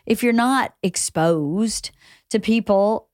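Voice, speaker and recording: A woman in her fifties hosting a casual conversation, chatty and quick to agree. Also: mid-range voice, darkish tone, dry recording, clean studio sound. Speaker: podcast host.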